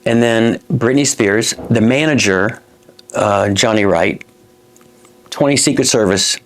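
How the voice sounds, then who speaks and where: A man's voice: medium pitch, unhurried. A man in his fifties from Florida, a comedian telling a long anecdote in a dressing room, rambling with many restarts and asides. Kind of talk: stand-up style storytelling.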